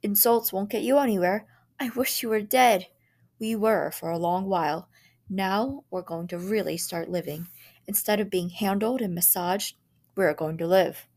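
A woman's voice: mid-range voice, normal speed, a little mellow, close to an everyday voice. A woman reading the part of a stern, fed-up father who speaks in firm, clipped lines. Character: stern fed-up father, middle-aged man.

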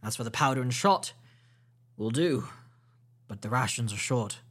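A gruff, stubborn old sea captain, as a man reads him aloud in a storybook reading. His talk is blunt and clipped, full of seafaring turns, and held at a middling pitch. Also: expressive, moderate pace, a bit bright. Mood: steady, blunt. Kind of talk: audiobook reading.

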